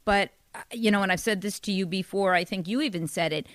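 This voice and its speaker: A middle-aged woman appearing as a guest on her daughter's podcast in casual chat, nervous and excitable, loud and quick to laugh. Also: medium pitch, dry recording. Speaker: guest, host's mother.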